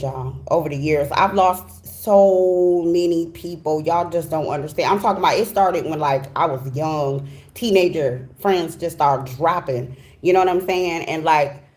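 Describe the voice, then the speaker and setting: A middle-aged woman giving a casual, heartfelt tarot reading, emphatic and chatty, often asking "okay?". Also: fairly low pitch. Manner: emphatic, chatty, heartfelt, repeats "okay?" and "you know what I'm saying". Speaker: tarot reader.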